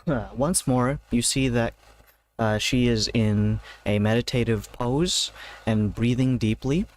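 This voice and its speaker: Man narrating as game master, halting. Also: mid-range voice, slight background noise. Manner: loose, hesitant narration with many fillers. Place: home, seated in a gaming chair.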